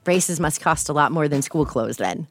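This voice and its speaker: A woman's voice: sits low, expressive, moderate pace. A woman from Texas, speaking as an interview guest, telling her own story in a casual, candid way.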